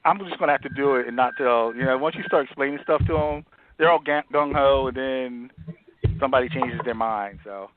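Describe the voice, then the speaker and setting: A man chatting as a comedian guest, animated and laughing often, often trailing off and restarting mid-sentence. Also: mid-range voice, fairly quick, noisy background. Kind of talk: casual phone interview chat. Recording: tinny phone line.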